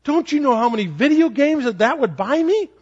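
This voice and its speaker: A man's voice: very high voice, sing-song, brisk, pitched above the performer's own voice. A greedy seven-year-old boy whines in a raised, piping voice, as a male preacher puts him on mid-sermon. His tone is incredulous and wheedling. The recording is dull and lo-fi.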